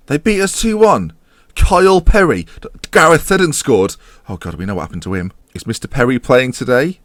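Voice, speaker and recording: A man's voice: mid-range voice, big pitch swings, fairly quick, fairly bright tone, dry recording, clean studio sound. A man giving casual, sarcastic let's-play commentary, slipping into mock match-commentator patter. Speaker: gaming YouTuber.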